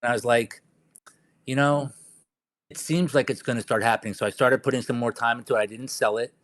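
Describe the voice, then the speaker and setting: A man's voice: mid-range voice, fairly even intonation, fairly quick, fairly bright tone, no echo. A man guest in a casual investing chat, recalling his experience in a rambling way with many fillers. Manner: rambling, filler-heavy recollection.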